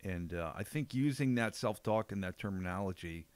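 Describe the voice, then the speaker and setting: A man's voice: low voice, expressive, normal speed, dry recording. An older man co-hosting a podcast, telling stories and giving blunt, emphatic coaching advice in casual chat. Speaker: podcast co-host, jiu-jitsu coach.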